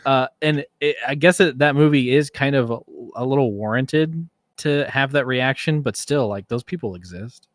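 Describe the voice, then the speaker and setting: A man in a relaxed podcast conversation, his speech full of stops, restarts and bursts of laughter. His voice sits at a middle pitch. The recording is dry and close. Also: moderate pace, no room sound. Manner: rambling, laughs often, many restarts. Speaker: podcast co-host. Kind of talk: casual chat.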